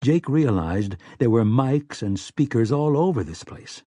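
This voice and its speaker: A man narrates an audiobook from a script, telling the story in a steady, measured way. His voice sits in the mid range, and the recording is dry and studio quality.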